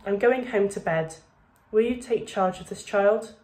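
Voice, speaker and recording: A woman voicing an elderly male headmaster who has suddenly fallen ill, speaking in a weak croak. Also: mid-range voice, unhurried, a little mellow, reverberant, lightly acted. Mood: shaken.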